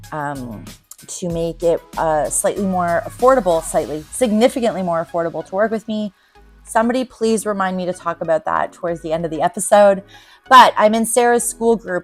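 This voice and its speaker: A woman in her forties hosting a casual solo podcast as a recovery coach, talking in a candid, rambling way with frequent ums. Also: lowish voice.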